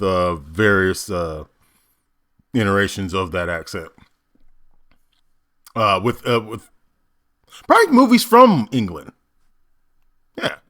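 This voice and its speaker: American male host, expressive, playful reaction commentary. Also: on the low side. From United States. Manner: animated, joking, laughing. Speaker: actor reacting to videos.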